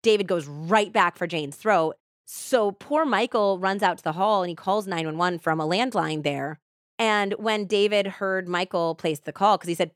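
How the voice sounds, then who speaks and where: Her voice at medium pitch and moderate pace, a woman podcast host casually recounts a true-crime case, her chatty delivery peppered with "like." The recording is dry and studio quality.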